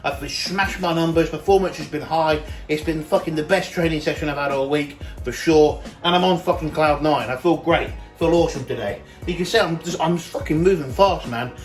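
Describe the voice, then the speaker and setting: Young British man, fitness coach, energetic and sweary, slightly high voice, faint music behind. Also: a little fast, hardly any pauses. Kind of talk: casual day-in-the-life vlog.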